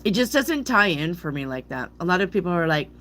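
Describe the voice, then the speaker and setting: A woman's voice: lowish voice, very animated, a little fast, a bit bright, slight background noise. A middle-aged woman, a tarot reader, chatting casually to her viewers, playfully tripping over hard words and laughing at herself. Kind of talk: casual rambling chat to viewers.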